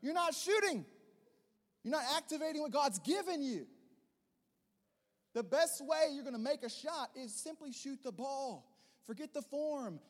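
A man preaching a sermon in a high, light voice. He pushes up into loud, emphatic bursts, then settles into quieter, gentler teaching. The sound carries the long reverb of a large hall. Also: animated, normal speed. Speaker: pastor.

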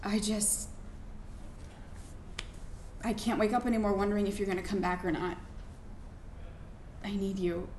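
Lady doing a fed-up pregnant wife, sharp and pleading, faint hiss, roomy live hall. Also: medium pitch, steady tone, a little slow, long pauses, lightly acted. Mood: tender. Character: frustrated pregnant young wife. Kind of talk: live staged play reading.

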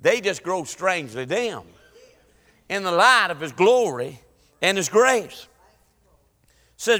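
A man preaching an impassioned church sermon, rising to shouts. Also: sits high, sing-song, slow pace, long pauses. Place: church sanctuary. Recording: long church hall reverb.

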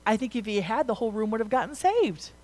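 A young woman preaches conversationally in a fairly high, expressive, slightly mellow voice at a quick pace, sprinkling in lots of "like" and "right?" before growing emphatic at key points. The recording quality is low.

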